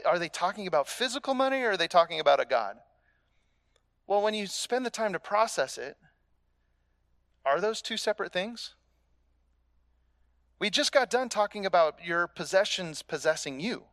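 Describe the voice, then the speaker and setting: A man with a fairly high voice delivers a sermon in a relaxed, conversational way. He leans on rhetorical questions and repeats his key phrases for emphasis. The sound is close and dry, with almost no room echo. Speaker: pastor.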